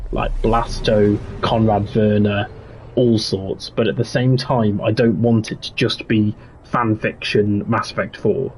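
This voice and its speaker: A young man streaming a game, chatting in a relaxed, rambling way and answering his chat as he plays. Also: fairly low pitch, slight background noise. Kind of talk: casual livestream chat.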